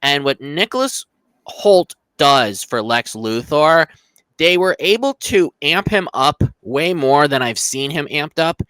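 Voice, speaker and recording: Young guy chatting about a movie, bright voice, dry close sound, keeps repeating himself. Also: a little high, expressive, slow pace, clear, resonant tone, no echo. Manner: rambling, repeats words, acts out quotes. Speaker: podcast co-host. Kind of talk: casual film review chat.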